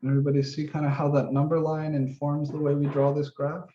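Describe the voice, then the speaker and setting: This math instructor speaks in a fairly high, mellow voice that stays monotone and moves briskly. He's giving a casual office-hour lesson, talking out each step as he draws, with an occasional mild swear. The lo-fi recording is roomy and dull, with slight background noise.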